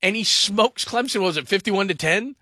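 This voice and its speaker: A man hosting a call-in sports radio show, talking in an energetic, rambling way. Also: high-pitched, brisk, dry recording. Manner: energetic, rambling, mimics people in voices.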